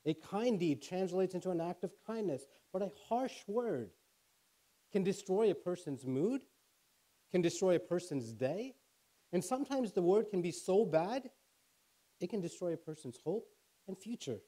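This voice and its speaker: A middle-aged man preaching a sermon as pastor, telling stories and rising in pitch and force to drive points home. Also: animated, normal speed, mellow.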